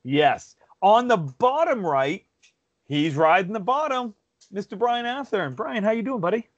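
A man's voice: high voice, expressive, unhurried, highs cut off. A man hosting a podcast in casual chat, self-deprecating and rambling with restarts, talking over a video call. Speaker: podcast host.

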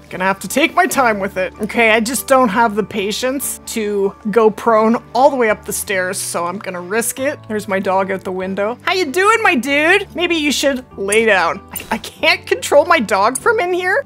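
A woman hosting her own gaming channel, chatting and reacting out loud as she plays a hunting game. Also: fairly high pitch. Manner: chatty, excitable, talks to herself while playing. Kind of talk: casual gameplay commentary.

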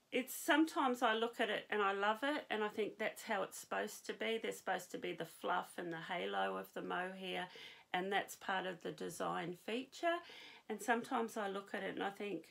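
A woman's voice: medium pitch, normal speed, creaky, a bit bright. A woman with a New Zealand accent hosting a knitting podcast, chatting casually to camera with many ums and restarts.

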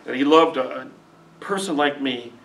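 A man's voice: mid-range voice, moderate pace, fairly bright tone. Middle-aged male pastor, earnest emotional folksy sermon delivery, mid-range voice, miked from a distance. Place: church sanctuary.

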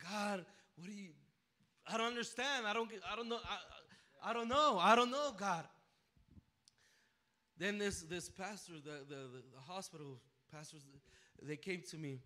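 Man, preacher, high voice, very bright tone, emotional testimony, stammering restarts. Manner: emotional, repeats words and restarts, swells to near shouting. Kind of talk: sermon testimony. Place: church sanctuary.

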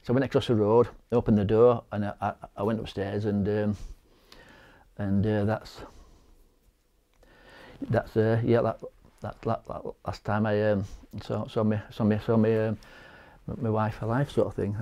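A middle-aged man with a Yorkshire accent speaks in a low, dark voice. He tells his story haltingly, stumbling over and repeating words, and acts out the conversations he recounts. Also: little pitch movement, muffled recording. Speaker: interviewee, bereaved husband. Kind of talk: personal testimony.

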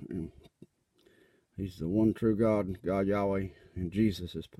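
Recorded on a tablet mic, this man makes casual religious videos, speaking in a low, dark voice with fairly even intonation at a measured pace. Earnest and rambling, he repeats himself as he urges viewers to get right with God.

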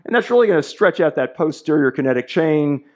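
A man's voice: fairly high pitch, expressive, fairly quick, a little mellow, lo-fi sound. A man coaching an exercise demonstration as a fitness instructor, playful and jokey as he talks the model through each move.

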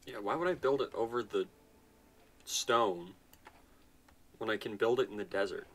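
A gaming channel host with a lowish, slightly bright voice talks at a moderate pace. Tired and yawning, he chats nonchalantly to himself while playing his strategy game, giving casual let's-play commentary.

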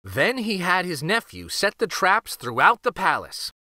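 Lively, bright-voiced man reading a story. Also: high-pitched, a little slow, no room sound, clean studio sound. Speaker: children's story reader, channel host. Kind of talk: read-aloud storytelling.

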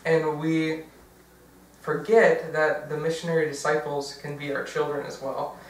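A man's voice: fairly high pitch, level tone, unhurried. Chatty man in an echoey church. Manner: casual, chatty, with fillers and self-corrections. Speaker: diocesan workshop presenter. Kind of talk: conversational workshop talk. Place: large church hall. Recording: very echoey, from far off.

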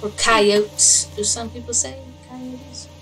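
A woman's voice: on the high side, a little slow, far from the mic, soft background music, rough recording. A woman playing a video game, commenting as she goes, yelping at the action and reading signs aloud. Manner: excitable, yelps and swears at the game, reads signs aloud. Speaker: gamer. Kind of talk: let's play commentary.

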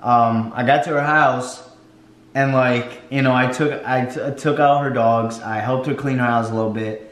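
A young man speaks bluntly in a casual vlog chat, frustrated and swearing often. His mid-pitched voice bounces around an echoey room. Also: steady tone, moderate pace. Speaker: friend of the host.

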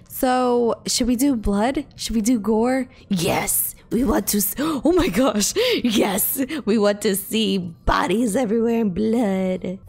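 A young woman hosting a gaming channel, giving excitable gameplay commentary with frequent squeals and gasps over game music. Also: on the high side, takes it slowly, vocal fry, breathy edge. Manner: squeals, gasps and laughs often.

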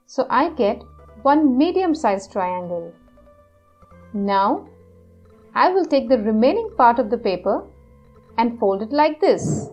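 A clever, unhurried cartoon tortoise, as a woman puts him on, walking through each step calmly and clearly. The voice sits high and moves in a lively, teacherly lilt. Soft music plays beneath. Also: lo-fi sound, exaggerated voice. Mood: instructing. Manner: step-by-step instructional.

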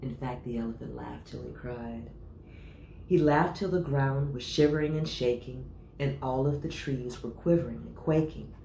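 A woman reading a children's picture book aloud in an expressive, sing-song storyteller's way. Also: extremely low pitch, moderate pace, vocal fry, echoey room, a little hiss or hum.

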